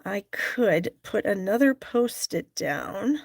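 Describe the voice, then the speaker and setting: A woman's voice: mid-range voice, lively intonation, takes it slowly. A woman hosting a live stamping class, chatting and thinking aloud as she works. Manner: chatty, thinks aloud while working, fillers. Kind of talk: live craft demonstration.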